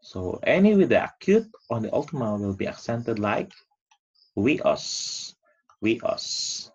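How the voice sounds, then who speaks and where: A man's voice: medium pitch, sing-song, normal speed, darkish tone, breathy edge. A man teaching an online lesson, stretching out key words for emphasis. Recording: dull lo-fi recording.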